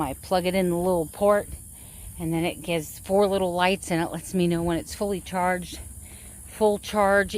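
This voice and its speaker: A middle-aged woman vlogger chats casually with her viewers in a relaxed way, her voice sitting slightly low for a woman. She rambles and fixes her wording mid-sentence, and there's a bit of hiss or hum in the recording.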